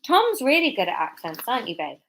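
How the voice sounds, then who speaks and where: A woman's voice: fairly high pitch, huge pitch swings, fast, sharp tone, slight background noise. Tipsy, chatty woman. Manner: chatty, rambling, giggly. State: a bit tipsy. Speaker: comedian and author reading her serial story. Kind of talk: casual livestream chat and story reading. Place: at home.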